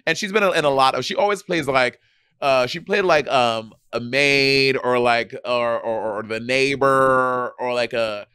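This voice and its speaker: A man chats casually as a podcast co-host, circling back on himself with fillers and restarts. His voice sits at a middle pitch. The sound is dry and close. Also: a little slow, sharp tone, smooth, dry recording. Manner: rambling, many restarts and fillers. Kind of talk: casual chat.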